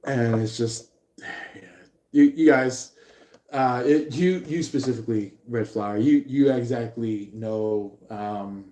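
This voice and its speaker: Slow, rambling man in a roomy space. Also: mid-range voice, dark tone, slight background noise. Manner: rambling, halting, full of fillers. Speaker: tarot reader. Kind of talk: live tarot reading to viewers. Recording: roomy echo.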